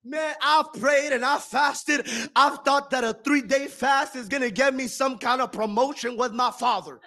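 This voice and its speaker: High-voiced young man preaching a sermon. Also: moderate pace. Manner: testimony-style preaching, swinging from soft reflection to shouted emphasis.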